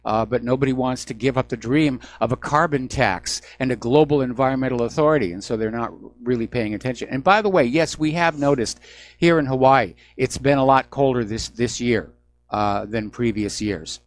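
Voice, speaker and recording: A man hosting a call-in radio show, talking in a relaxed, explanatory way with the odd wry aside. His voice sits in a middle range and sounds dry and close, with no room around it. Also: mid-range voice, moderate pace, dry recording. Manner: conversational, explanatory, sometimes wry. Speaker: radio talk show host. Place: Hawaii.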